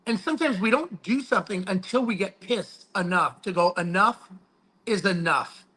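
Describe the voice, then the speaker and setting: A man with a high, bright voice talks casually, with plenty of swearing. He tells stories emphatically and acts out the back-and-forth with his mentor. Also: lively intonation, fairly quick, husky, low-quality recording. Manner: profane, storytelling. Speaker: guest speaker. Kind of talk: casual chat.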